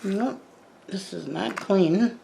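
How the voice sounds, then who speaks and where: A woman's voice: mid-range voice, slow, gravelly, mellow, slight background noise, low-quality recording. An older woman chatting casually to the camera as a plant vlogger, rambling with lots of asides and self-corrections.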